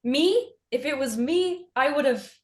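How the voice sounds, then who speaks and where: A woman's voice: sits high, expressive, a little slow. A woman playing in a tabletop game, chatting casually and laughing about her character. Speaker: player.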